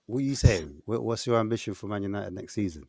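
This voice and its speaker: A man's voice: lowish voice, expressive, fast, vocal fry, a little mellow, slightly rough, dry recording, studio quality. A man hosting a casual football chat, teasing his guests and leading with questions. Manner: teasing, steers the talk with questions. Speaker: podcast host.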